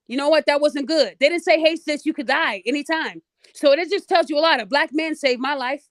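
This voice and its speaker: A middle-aged woman with a high voice, hosting a podcast and telling a story bluntly and with lots of energy. She speaks straight to her listeners, and the sound is dry and close. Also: fairly quick, no room sound. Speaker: podcast host. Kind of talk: casual storytelling monologue.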